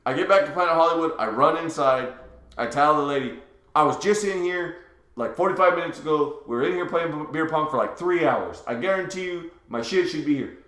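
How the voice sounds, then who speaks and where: A man's voice: a little high, a little fast. Laid-back man telling a story, echoey room. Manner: relaxed, laughing, swearing storyteller. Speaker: podcast co-host. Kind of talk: casual chat, storytelling.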